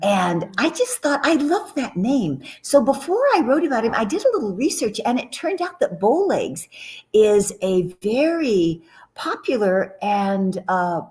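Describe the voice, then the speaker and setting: Lively, chatty woman novelist on radio. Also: fairly high pitch, measured pace. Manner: animated, chatty, restarts phrases often. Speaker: novelist guest. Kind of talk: casual radio interview.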